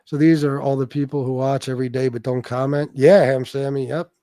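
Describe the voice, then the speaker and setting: A man's voice: medium pitch, steady tone, brisk, warm tone, dry recording. A man hosting a casual livestream chat, talking bluntly and swearing freely while reading out viewer names. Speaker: livestream host.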